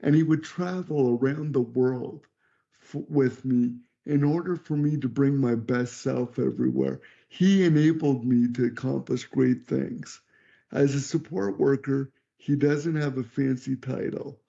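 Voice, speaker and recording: A man's voice: medium pitch, fairly even intonation, a little slow, creaky, dark tone. A middle-aged man speaking earnestly and reflectively as an interview guest, telling a personal story over a video call with some restarts. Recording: dull lo-fi call audio.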